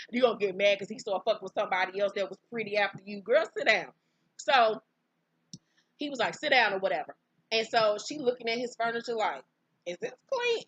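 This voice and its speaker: Woman, breathy raspy tone, slightly high voice, outspoken, profane, casual storytelling. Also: a bit bright, no room sound. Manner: profane, brash, outspoken commentary; breaks into high-pitched exclamations. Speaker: reality TV recapper.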